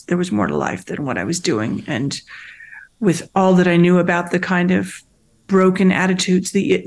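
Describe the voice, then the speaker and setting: A middle-aged woman being interviewed, telling her story in an animated, earnest way with emphatic repeats and frequent restarts. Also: lowish voice, gravelly. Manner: animated storytelling, acts out quoted voices. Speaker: guest, nonprofit founder. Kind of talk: conversational interview.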